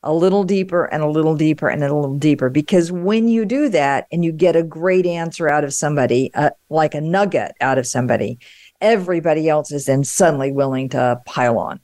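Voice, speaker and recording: A woman's voice: low voice, fairly quick, dark tone, no room sound. Woman podcast host, chatty and upbeat, dry close sound. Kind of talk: casual interview.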